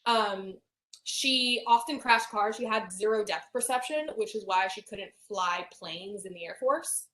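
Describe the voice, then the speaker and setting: A young woman telling a painful personal story in a halting way, with many fillers and restarts. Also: mid-range voice, pushed and bright. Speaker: hypnosis client. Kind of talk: emotional personal account. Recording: roomy echo.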